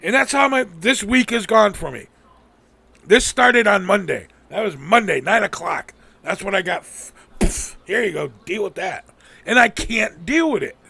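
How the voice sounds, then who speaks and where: A man's voice: sits high, animated, normal speed, creaky, pushed and bright, a little hiss or hum. A man hosting a live stream, venting angrily and profanely, mocking the people he quotes. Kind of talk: ranting casual talk.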